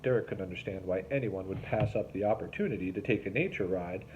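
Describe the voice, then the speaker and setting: A male teacher reading a novel aloud to his class, in steady, plain narration with an occasional restart. His voice sits low, and the recording is slightly dull with a faint hiss behind it. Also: quick pace.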